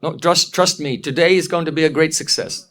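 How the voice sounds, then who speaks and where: A boastful, scheming young woman, voiced by a man, emphatic and sure of herself. The voice sits higher and louder than his narration, though it stays close to his own. It is read aloud in a storytelling lesson. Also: steady tone, brisk, natural voice. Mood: reassuring. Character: proud scheming female companion, confident.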